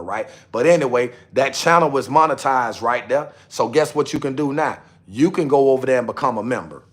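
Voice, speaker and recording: A young man talks casually on a livestream, speaking straight to his viewers. He repeats the same lines over and over, coaxing and nagging them. His voice sits at an ordinary middle pitch. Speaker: livestream host.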